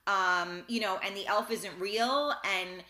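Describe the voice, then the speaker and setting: A woman's voice: medium pitch, slow pace, sharp tone. A woman hosting a talk show, telling a rambling story in a casual, chatty way with restarts and mild swearing. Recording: roomy echo.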